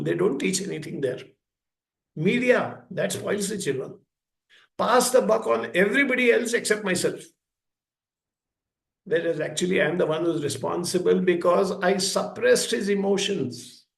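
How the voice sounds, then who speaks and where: A man's voice: high-pitched, vocal fry. A man giving a public talk at a school, telling stories and acting out the voices of parents and children. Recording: echoey hall.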